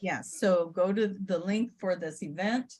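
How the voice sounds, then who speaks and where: A woman's voice: mid-range voice, unhurried, a little mellow. A woman guest on a podcast, chatting casually and upbeat, promoting an event in a rambling way. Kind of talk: casual chat.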